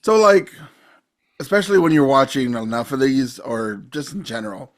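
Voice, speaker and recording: A man's voice: medium pitch, lively intonation, brisk. Matter-of-fact male podcast co-host. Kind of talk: casual movie discussion.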